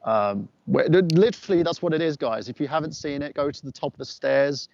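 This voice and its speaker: A man with an English accent, a former wrestler, telling animated, profane stories as a guest in a casual podcast chat. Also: fairly high pitch, brisk, highs cut off, a little hiss or hum. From England.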